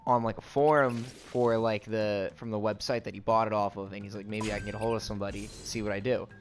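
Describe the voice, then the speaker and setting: A man's voice: fairly low pitch, level tone, quick pace. Rambling young man telling a story. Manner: rambling, full of "like", swearing. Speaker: let's play co-host. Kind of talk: casual storytelling over gameplay. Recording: game music faintly behind.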